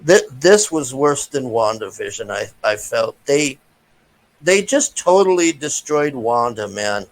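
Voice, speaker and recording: A man's voice: mid-range voice, animated, a little slow, rough recording. A man giving a casual, profane, frustrated rant as a movie reviewer, with many restarts.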